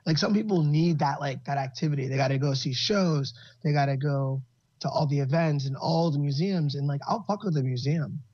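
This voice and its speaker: Laid-back, husky-voiced co-host, slightly higher pitch, dull muffled recording. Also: male voice, fairly quick, darkish tone, no echo. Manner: laid-back, swears casually. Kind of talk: casual chat.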